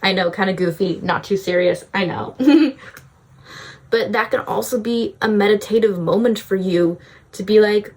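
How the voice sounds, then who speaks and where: A woman's voice: medium pitch, normal speed. A young woman vlogging self-help advice in a casual, breezy way, often saying "like". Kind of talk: self-help vlog talk.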